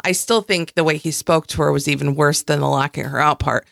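A woman co-hosting a casual podcast, circling her points with hedges and restarts. Her voice is a little low. The recording is dry and close-miked. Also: fairly even intonation, brisk, vocal fry, no room sound. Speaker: podcast co-host. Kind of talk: casual chat.

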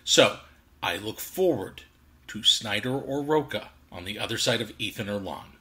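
Intense competitor, comedy sketch, tense sharp voice, overly measured. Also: male voice, lowish voice. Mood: forced calm. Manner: deliberate and overly measured, with a flat, quiet menace. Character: intense male competitor with forced calm.

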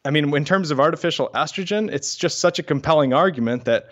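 A man's voice: fairly high pitch, fast, a bit bright. A man who is a scientist, talking as a guest on a podcast and eagerly explaining research studies in detail. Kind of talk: casual podcast interview.

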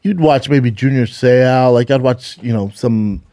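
A man in his forties co-hosting a casual podcast chat, telling a story in animated bursts and acting out the people in it with plenty of swearing. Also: medium pitch, a little slow, no echo, clean studio sound. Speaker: podcast co-host.

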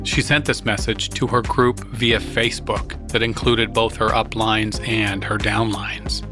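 A man's voice: on the low side, flat delivery, measured pace, music in the background. Man co-host with dry narration. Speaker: podcast co-host. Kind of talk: narration with banter.

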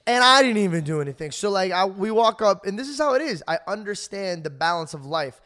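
Male podcast host, high voice, lively casual storyteller. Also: fairly quick. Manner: animated storyteller acting out quotes.

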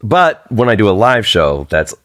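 A man's voice: on the low side, moderate pace, no echo, clean studio sound. A man from Long Island, a performer, talking eagerly in casual podcast chat and telling stories with energy. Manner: animated, enthusiastic storyteller. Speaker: guest performer.

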